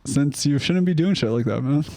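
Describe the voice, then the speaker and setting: A man's voice: fairly high pitch, animated, normal speed, a little mellow, no room sound. A young man co-hosting a casual podcast from his parents' house, laid-back, laughing often and swearing casually. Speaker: podcast co-host. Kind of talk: casual chat.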